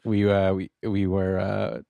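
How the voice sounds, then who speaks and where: A man co-hosting a podcast in casual chat, making dry, deadpan jokes. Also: sits low, a little slow, creaky, dry recording, highs cut off. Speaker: podcast co-host.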